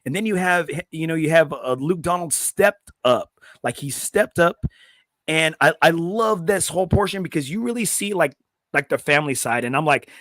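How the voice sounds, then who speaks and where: A fairly high-voiced man hosts a laid-back golf podcast. He talks excitably, swears freely and restarts his sentences a lot. His voice sits close and dry, with no room sound. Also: moderate pace, no echo. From South Texas. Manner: excitable, profane, many restarts. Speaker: podcast host. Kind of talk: casual podcast chat.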